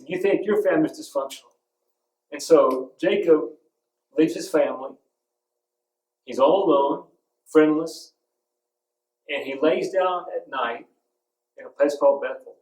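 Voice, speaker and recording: A man's voice: on the high side, measured pace, long pauses, a little mellow. A man preaching a sermon, telling stories and hammering home points with emphatic repetition. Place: church sanctuary. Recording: roomy echo, from a distance.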